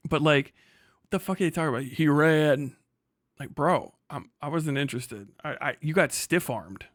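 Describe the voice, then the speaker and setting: A man's voice: mid-range voice, a bit bright, dry recording. A young man hosting his stream, telling a story in a casual, profane way and laughing often, on a close mic. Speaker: streamer host. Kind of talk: casual reaction rant.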